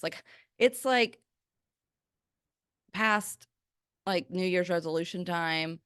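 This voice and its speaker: A woman hosting a faith-based podcast, talking in a chatty, energetic way full of "like" fillers. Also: on the low side, slow, long pauses, clean tone, no room sound, studio quality. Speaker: podcast host. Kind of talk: faith-based pep talk.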